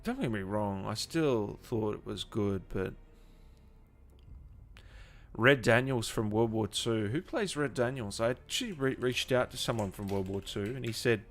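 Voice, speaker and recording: A man hosting a live-stream gaming interview, chatty, excitable and informal, talking over a video call. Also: lowish voice, a little slow, faint music behind. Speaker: gaming show host. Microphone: home microphone on a video call.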